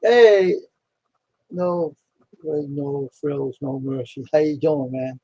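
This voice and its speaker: A man's voice: medium pitch, steady tone, takes it slowly, dark tone, slightly rough, no room sound, poor audio. A man hosting a casual live stream, greeting viewers by name and grumbling to himself about his videos.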